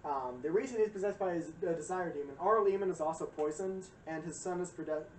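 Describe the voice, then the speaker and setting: Casual profane male storyteller, high pitch, recorded far off in a roomy space with faint hiss. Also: fairly quick, darkish tone. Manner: rambling, profane, laughing storyteller. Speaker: lecturer recapping a game. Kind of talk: casual group chat. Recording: roomy distant mic with faint noise.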